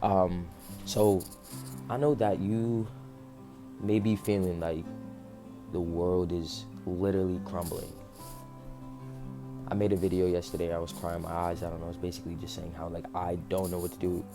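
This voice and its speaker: Earnest low-voiced man near tears. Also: little pitch movement, moderate pace, long pauses, over music. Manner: earnest, passionate, many fillers like "like". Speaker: faith vlogger. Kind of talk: emotional motivational monologue.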